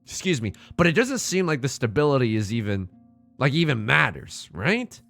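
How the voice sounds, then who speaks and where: A young man streaming a game live, excitable and joking as he reads the game text aloud to his chat. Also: medium pitch, normal speed, gravelly, faint music behind.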